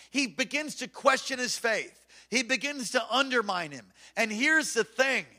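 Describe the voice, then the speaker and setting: A man's voice: very high voice, expressive, unhurried, hardly any pauses, sharp tone. A man preaching a fervent, emphatic sermon as pastor from a church stage.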